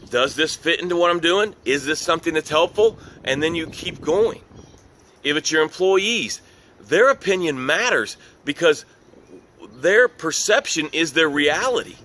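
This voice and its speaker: Bright, emphatic middle-aged man coaching. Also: on the high side, lively intonation, unhurried, slight background noise. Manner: earnest and emphatic, repeats key phrases. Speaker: business coach. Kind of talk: motivational talk.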